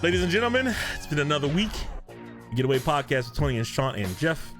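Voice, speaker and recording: Lively, high-voiced ranting man. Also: fast talker, music in the background. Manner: animated ranting, laughing often. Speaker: podcast co-host. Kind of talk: casual podcast chat. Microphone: video podcast mic.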